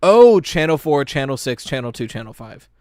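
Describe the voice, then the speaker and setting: A man chatting casually on a live stream, reacting to a game trailer in an animated, excitable way and swearing casually as he talks to his chat. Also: mid-range voice, normal speed, no echo, clean studio sound.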